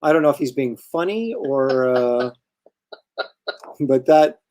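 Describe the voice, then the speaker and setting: A man hosting a livestream, telling a casual anecdote in a lively way with halting restarts. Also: mid-range voice. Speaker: host.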